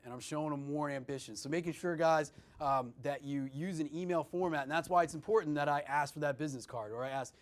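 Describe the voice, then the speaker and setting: A man with a somewhat high voice coaching students on job interviews. He talks in an animated, conversational way, keeps calling the listeners "guys" and leans on "you know" as he goes. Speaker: career services presenter. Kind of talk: instructional talk to students.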